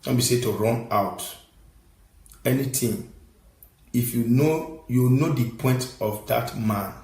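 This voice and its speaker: A Nigerian man giving impassioned, scolding commentary, bursting into shouts and preaching at his listeners. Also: medium pitch, takes it slowly, reverberant, rough recording. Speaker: online commentator.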